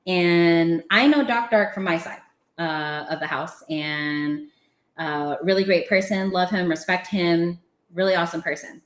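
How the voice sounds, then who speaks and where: A woman's voice: lowish voice, measured pace, echoey room. A woman telling a story in casual chat, laughing often and acting out what people said. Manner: animated, laughing, acting out quotes. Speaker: podcast guest.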